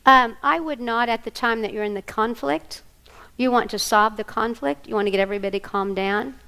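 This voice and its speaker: A woman's voice: on the high side, a little fast, smooth. Lady teaching a workshop, storytelling, keeps asking the crowd if it makes sense. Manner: animated, storytelling, checks in with listeners. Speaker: workshop presenter. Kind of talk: teaching a workshop to a live audience.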